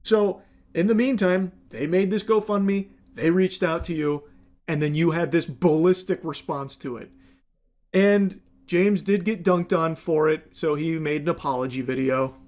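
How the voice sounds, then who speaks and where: A man's voice: a little high, a little slow, a little mellow. A man delivering critical video commentary in a sarcastic, scolding tone. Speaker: commentary YouTuber.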